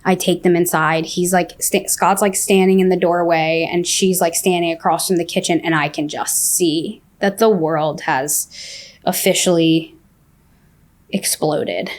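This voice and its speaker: A young adult woman telling a personal story in casual speech, full of "like" and quick restarts. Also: on the low side, fairly even intonation. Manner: fast, filler-heavy telling with many "like"s. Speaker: guest sharing her story.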